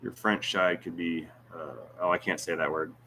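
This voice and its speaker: Here a YouTube host with a deep, sharp voice keeps a steady tone at normal speed, with a little hiss or hum in the audio. During his casual livestream Q&A he reads viewer comments out loud, teasing, cracking jokes, and drifting into rambling asides.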